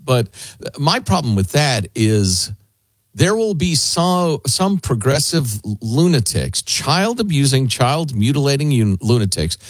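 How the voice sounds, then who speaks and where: A man hosting a talk radio show, chatting casually in a sarcastic, deadpan way. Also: medium pitch, unhurried, dry recording.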